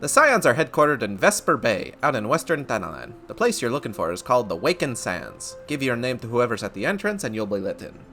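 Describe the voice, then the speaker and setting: A gruff older tavern keeper woman with a put-on Scottish brogue, brusque and folksy. A man voices her with a lively, swooping pitch. Faint game music runs behind her. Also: a little fast, few pauses.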